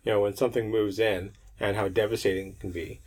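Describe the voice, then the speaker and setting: A man who works as a firefighter and medic, chatting casually on a podcast, laid-back and quick to laugh. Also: fairly low pitch, flat delivery, a little mellow. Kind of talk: casual chat.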